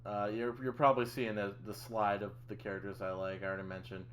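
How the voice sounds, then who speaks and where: A man hosting a casual podcast chat, relaxed and swearing in offhand asides. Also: on the low side, fast talker, slight background noise. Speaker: podcast host.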